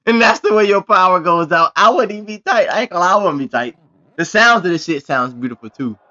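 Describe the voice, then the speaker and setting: A man hosting a reaction video, with excitable, exclamatory commentary full of profane slang. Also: high-pitched, fast talker, dull audio.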